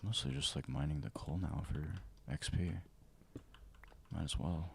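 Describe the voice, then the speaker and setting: A man streaming a survival game as ASMR, whispering and speaking softly into a close mic, now and then flaring up in frustration, with keyboard and mouse clicks behind him. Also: very deep voice, a little slow, gravelly, slight background noise. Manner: mostly whispered and soft, flaring into loud frustration. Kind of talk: ASMR gameplay livestream commentary.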